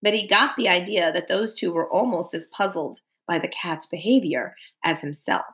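A woman narrating a storybook aloud in an expressive, dramatic way. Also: lowish voice, moderate pace, rough recording.

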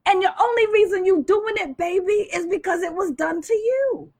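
A woman's voice: very high voice, moderate pace, a little mellow. A woman co-hosting a faith discussion, speaking in an emphatic preaching style with call-and-response. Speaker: co-host.

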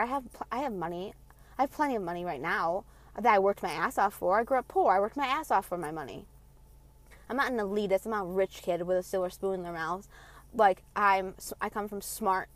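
A woman's voice: mid-range voice, fairly bright tone, no room sound. A woman in her late twenties ranting from her car, heated, blunt and full of swearing. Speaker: vlogger. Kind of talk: passionate rant.

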